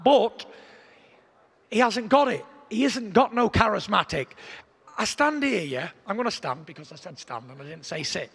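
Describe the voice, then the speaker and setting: A man's voice: high-pitched, creaky, a bit bright, slightly rough, in a large hall. A man from Britain, a boxer boasting and taunting at a press conference. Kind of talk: press conference trash talk.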